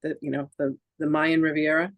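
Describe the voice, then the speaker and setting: A woman who is both a podcast host and a reverend tells a personal story in casual chat, acting out the dialogue. Her low voice shows little pitch movement and runs a little fast, with no echo. She's chatty, peppering her talk with "like" and restarts.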